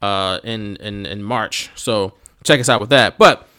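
A man with a Philadelphia accent co-hosting a podcast in casual, animated chat, laughing often and talking slangy. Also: lowish voice, measured pace, clean tone. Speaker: podcast co-host.

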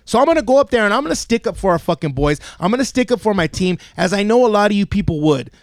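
A man's voice: sits high, big pitch swings, quick pace, dry recording, clean studio sound. A man hosting a podcast and telling a profane, comedic story, swearing constantly and acting out the quotes as he goes. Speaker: podcast host and youth football coach. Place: podcast studio.

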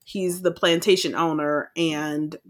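A woman co-hosting a podcast, recapping a film in casual chat, animated and profane, acting out her own reactions. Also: sits low, slow pace. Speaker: podcast co-host.

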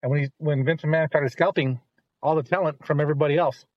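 Middle-aged man, rambling casual storyteller, high-ish voice, dry dull lo-fi sound. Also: fast talker, dry recording. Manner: rambling, animated when quoting others. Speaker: guest, host's father.

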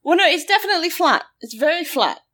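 A woman hosting a chat podcast, telling a story in an animated, sarcastic way and acting out quotes. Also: extremely high pitch, fast talker.

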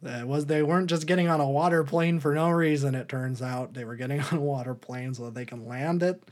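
Man, podcast co-host, casual chat, rambling, laughs a lot, middle pitch. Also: a little fast. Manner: rambling, laughing, breaks into put-on voices for quotes.

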